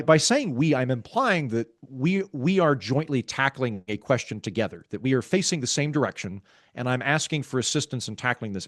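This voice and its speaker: Guy on a podcast, wry and self-aware, even middle voice, super dry sound. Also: mid-range voice, no room sound. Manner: talks calmly, measured. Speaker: guest author. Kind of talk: conversational podcast interview.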